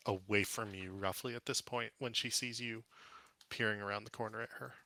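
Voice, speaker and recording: A man narrating a tabletop game as game master, casual and relaxed, with plenty of fillers. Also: lowish voice, fairly quick, dry recording.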